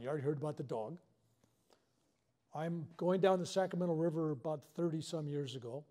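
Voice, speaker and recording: Animated older male storyteller, mellow voice. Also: fairly high pitch. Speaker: reverend leading a healing workshop. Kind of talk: storytelling talk to a live audience. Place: workshop hall.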